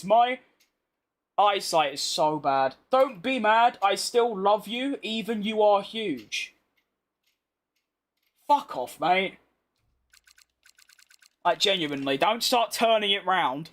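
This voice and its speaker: A man's voice: sits high, lively intonation, slow, pauses often, a bit bright. A young British man chatting casually over racing game footage, bluntly answering viewer comments with slangy banter. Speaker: gaming YouTuber. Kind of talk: casual gameplay commentary reading chat.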